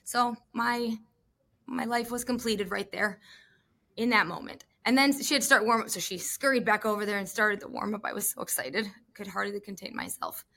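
Bright, gushing woman podcast host. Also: mid-range voice, normal speed, vocal fry. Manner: animated, gushing, jokey. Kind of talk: casual chat about gymnastics.

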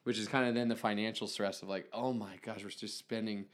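A man in his thirties co-hosting a podcast, telling a story in a steady, laid-back way. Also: fairly low pitch, a little fast. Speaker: podcast co-host. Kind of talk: casual storytelling chat.

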